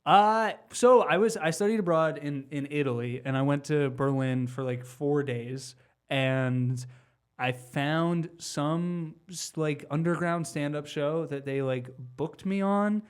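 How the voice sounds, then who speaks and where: A man's voice: a little high, measured pace, smooth. A man hosting a podcast, telling stories in a chatty way with many restarts. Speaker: podcast host. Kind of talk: casual podcast chat.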